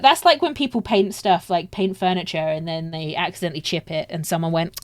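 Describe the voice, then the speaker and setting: A woman's voice: on the low side, fairly quick, few pauses, no room sound. Chatty woman streaming. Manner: chatty, self-mocking and swearing. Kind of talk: casual live-stream chat while crafting.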